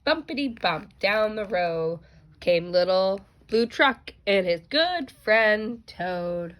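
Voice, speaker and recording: A mother reading a bedtime picture book aloud to her children, expressive and gentle, with small asides. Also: mid-range voice, takes it slowly. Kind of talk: storybook read-aloud.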